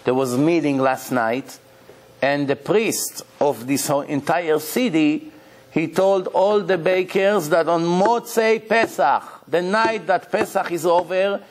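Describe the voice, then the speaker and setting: A man giving a religious lecture as a rabbi, emphatic and animated, repeating key phrases as he tells stories. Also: fairly high pitch.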